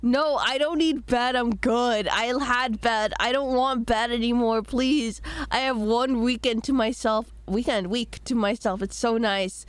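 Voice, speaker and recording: Giggly sick young woman streamer, slow. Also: fairly high pitch, fairly even intonation, no room sound. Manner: giggly and rambling, reads chat aloud. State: sick, voice rough. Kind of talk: casual live-stream chat.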